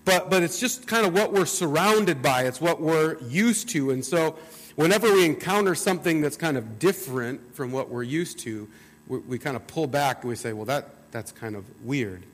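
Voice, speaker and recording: A man's voice: on the high side, moderate pace. A man with a Midwestern US accent, a pastor giving a conversational sermon and reading scripture, often repeating words as he restarts. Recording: long hall reverb.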